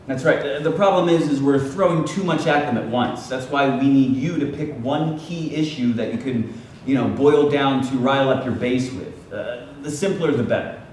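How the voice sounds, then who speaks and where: A man playing a persuasive campaign consultant in a comedy sketch, smooth and cajoling. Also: medium pitch, moderate pace, darkish tone, a little hiss or hum. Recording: echoey room, distant mic.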